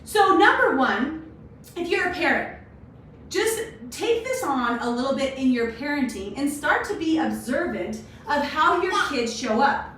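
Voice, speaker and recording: A woman's voice: high voice, a little slow, a little hiss or hum. A woman hosting a daily live video, talking casually and animatedly to her viewers. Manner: chatty, animated, addresses viewers as "you guys". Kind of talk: casual motivational talk. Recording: very echoey room, voice far from mic.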